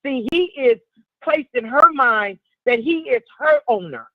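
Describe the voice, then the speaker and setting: Woman calling in to a radio talk show over a dull phone line. She talks in a measured, reflective way, and her voice comes through dry. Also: high voice, expressive, no room sound. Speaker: caller. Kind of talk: call-in radio commentary.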